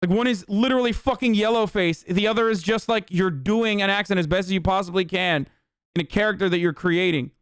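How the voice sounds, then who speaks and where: A man's voice: sits high, brisk, clear, resonant tone, dry recording, clean studio sound. A man from Turkey hosting a livestream, ranting in a heated, profane, argumentative way. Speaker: livestream host. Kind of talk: casual livestream rant.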